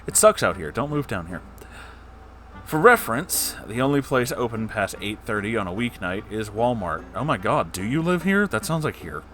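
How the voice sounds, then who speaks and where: Low-voiced male story reader, sarcastic asides, faint music underneath. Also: fairly bright tone. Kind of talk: comedic story reading with commentary.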